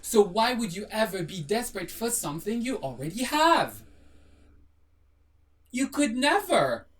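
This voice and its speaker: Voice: medium pitch, big pitch swings, moderate pace, far from the mic. A video host giving a blunt, sassy motivational monologue to camera, firing rhetorical questions and dropping casual swears. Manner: swears casually, apologizes jokingly.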